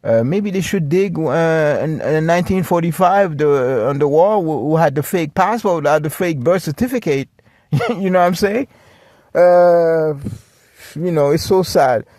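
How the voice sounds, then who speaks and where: A man's voice: on the high side, animated, moderate pace, darkish tone, no room sound, studio quality. Agitated rambling male podcast host. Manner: agitated, rambling, many restarts and asides. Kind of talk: ranting solo commentary.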